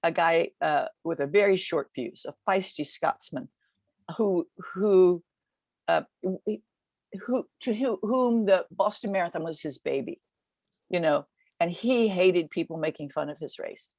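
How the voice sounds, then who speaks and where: An older woman in her seventies tells a story with energy, tumbling through quick restarts. Her voice sits fairly low and sounds close and dry, with no room around it. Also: no echo. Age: 70s. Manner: vivid, lively retelling with quick restarts. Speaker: guest recounting a race. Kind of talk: storytelling in a podcast interview.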